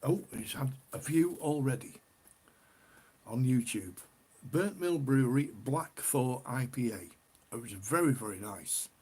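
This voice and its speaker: A man's voice: medium pitch, lively intonation, measured pace, warm tone, slightly rough. A middle-aged man from the UK hosting a casual beer live stream, chatty and rambling, often repeating himself. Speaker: beer livestream host.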